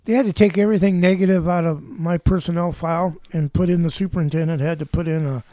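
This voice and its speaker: A man in his seventies with a high, mellow voice tells rambling stories with a dry sense of humor. He sounds close to the mic in a dry, dead room. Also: steady tone, fast, dry recording. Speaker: guest, former backcountry ranger. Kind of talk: casual storytelling.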